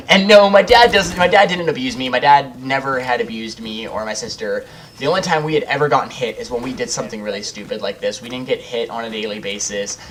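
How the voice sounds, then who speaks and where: A man's voice: mid-range voice, fairly quick, fairly bright tone, slight background noise. Rambling young man telling a story. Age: young adult. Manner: rambling, swears freely, laughs through the story. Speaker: gaming channel host. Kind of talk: casual storytelling over gameplay.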